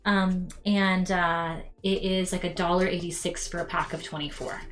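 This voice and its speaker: A woman's voice: lowish voice, little pitch movement, moderate pace, a bit bright, soft background music. A young woman hosting a casual cosplay crafting stream, talking straight to her viewers with plenty of ums as she works. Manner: chatty, talks to viewers as "you guys", many ums. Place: home craft room.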